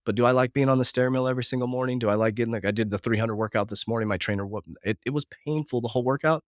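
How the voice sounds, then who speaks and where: A man in his forties talking quickly and with feeling in a podcast conversation, often speaking of faith and family. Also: mid-range voice, dry recording, studio quality. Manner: fast, heartfelt, religious. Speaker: business coach, guest.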